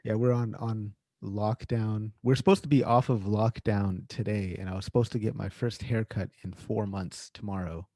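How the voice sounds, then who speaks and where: A man hosting a casual online happy hour on a video call, relaxed and easygoing, often calling people "man". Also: fairly low pitch, moderate pace, few pauses, dry recording. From Canada. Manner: laid-back, says "man" often, fillers. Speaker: host.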